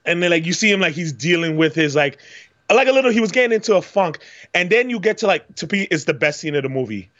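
Male podcast co-host, fairly high voice, loose and rambling, swears a lot, acts out scenes; muffled, dry recording. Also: expressive, fast, fairly bright tone. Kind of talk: casual movie review chat.

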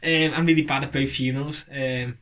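A man's voice: mid-range voice, fairly even intonation, brisk, a bit bright. A man chatting on a podcast, rambling and joking with lots of fillers and restarts. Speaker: podcast co-host. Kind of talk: casual chat.

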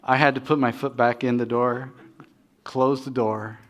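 With a medium pitch, a steady tone, and a measured pace, a middle-aged man preaches as pastor. His sermon draws on personal stories, and he speaks conversationally, running himself down and frequently beginning sentences again.

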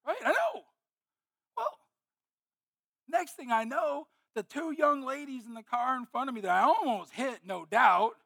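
Man, pastor, sermon, bright voice, dry close sound, animated exclamatory delivery. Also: very high voice, vocal fry, no echo. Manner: animated, exclamatory storytelling with sudden loud outbursts.

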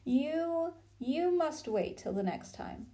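A woman reading a storybook and voicing a cold, commanding witch queen who coaxes smoothly. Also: high voice, lively intonation, slow, mellow, voice pushed up. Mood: teasing. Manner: smooth and persuasive.

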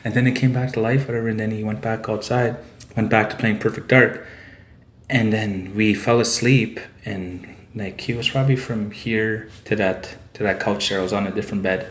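A man's voice: on the low side, fairly even intonation, normal speed. A man from Saskatchewan, telling a story as a podcast guest in a loose, rambling way and tagging his sentences with "eh" and "like". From Saskatchewan, Canada. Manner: rambling, tag "eh" and "like" fillers. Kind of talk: casual storytelling. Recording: roomy echo.

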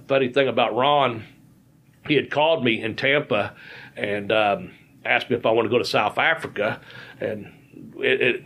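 A man's voice: medium pitch, fairly bright tone. A man, a podcast co-host and former wrestler, telling rambling stories in casual chat. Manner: rambling, folksy, repeats words.

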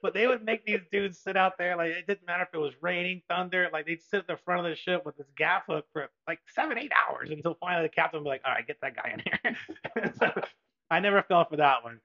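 A man's voice: high voice, fast talker, bright, forceful tone. A male podcast co-host and Navy veteran telling a rambling story with frequent laughs and filler words. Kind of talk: casual storytelling. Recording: dull lo-fi recording.

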